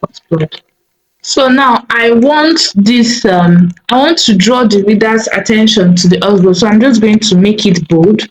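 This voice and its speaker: A woman teaching a coding tutorial over a screen recording, thinking aloud slowly with many fillers and small self-corrections. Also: medium pitch, a little hiss or hum, low-quality recording.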